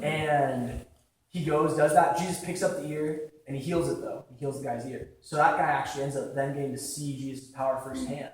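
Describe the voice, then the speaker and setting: A young man giving a casual sermon, talking conversationally with lots of "like" fillers and acting out quick quotes. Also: mid-range voice, slight background noise. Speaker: preacher. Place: large echoing church hall. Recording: very echoey hall from far off.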